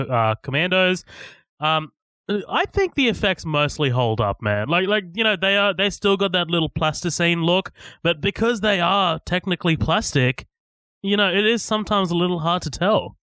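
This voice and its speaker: Bright-voiced, lively, swearing podcast host. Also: male voice, a little high, clear, resonant tone, dry recording. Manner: rambling, swears often, laughs a lot. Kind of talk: casual movie review chat.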